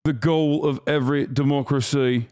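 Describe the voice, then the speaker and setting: A man voicing a stiff, pompous male government spokesman in a put-on British accent, reading a formal statement in a measured, declamatory way. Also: medium pitch, steady tone, a little mellow, natural voice.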